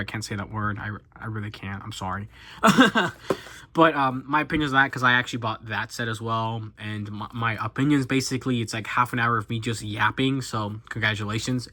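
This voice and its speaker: A young man in his twenties, a YouTuber, chats casually on his channel while opening cards, his mid-range voice pushed and bright. He rambles and pokes fun at himself, full of fillers and restarts.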